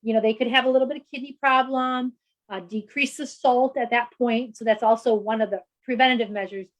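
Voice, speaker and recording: A middle-aged woman speaks as a doctor, with a fairly high voice. She explains health topics in a loose, conversational way and fills her talk with casual asides. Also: steady tone, brisk, poor audio. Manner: explanatory, chatty, frequent "you know" fillers.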